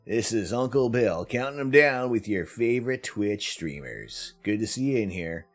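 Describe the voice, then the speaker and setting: A man's voice: lowish voice, expressive, a little slow, soft background music. A man hosting a live stream, chatting casually with viewers, greeting them by name and laughing often. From Canada. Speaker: livestream host.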